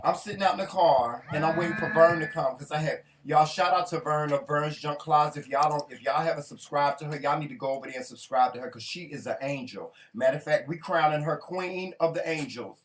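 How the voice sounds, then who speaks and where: A man co-hosting a casual talk show, telling a story in an animated, profane way with lots of quoted speech. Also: on the high side, a little fast, hardly any pauses, slight background noise.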